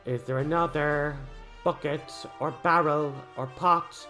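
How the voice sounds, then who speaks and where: A man, rambling excitably while he comments on a role-playing game. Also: on the high side, slow, soft background music. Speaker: let's play host. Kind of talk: gameplay commentary.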